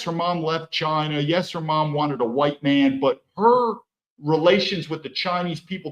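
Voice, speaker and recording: A man's voice: fairly high pitch, rough recording. A man ranting on his own commentary stream, heated and profane, often restarting his sentences. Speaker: livestream commentator. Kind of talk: solo political commentary stream.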